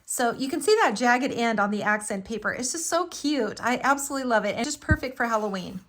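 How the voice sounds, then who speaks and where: A middle-aged woman with a fairly high voice walks viewers through a live craft project. She chats along enthusiastically, filling pauses with little ums as she works. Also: animated, a bit bright. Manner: chatty and enthusiastic, with frequent fillers. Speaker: crafting tutorial host.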